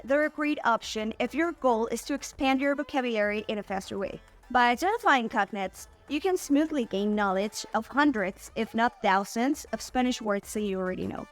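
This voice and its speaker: A woman hosting an online Spanish lesson, saying example words slowly and clearly for learners. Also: a little high. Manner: clear, slow model pronunciation of words. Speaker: Spanish teacher and channel host.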